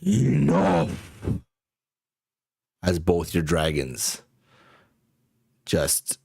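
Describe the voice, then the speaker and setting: A man with a very low voice runs a tabletop game, narrating slowly and haltingly as he hunts for words. His delivery is full of little fillers. The recording is close and dry, with no room sound. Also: no room sound. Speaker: game master.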